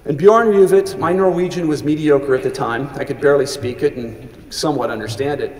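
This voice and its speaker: A middle-aged man gives a commencement speech in a large hall, his fairly high, slightly mellow voice moving a little fast. His earnest anecdotes come with frequent restarts, and he briefly chokes up. The recording is echoey and reverberant.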